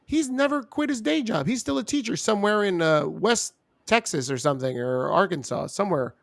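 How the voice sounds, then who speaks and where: A man co-hosting a wrestling review show, ranting in loud, exasperated bursts and mocking people in silly voices. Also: sits high, lively intonation, fairly quick, gravelly, no room sound, studio quality. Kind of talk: ranting casual chat.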